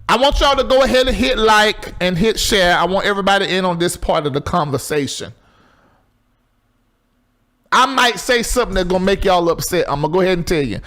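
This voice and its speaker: A middle-aged man, hosting a live call-in talk show in a loose, chatty way, jumping between loud exclaims and low asides. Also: expressive, brisk. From Southern US.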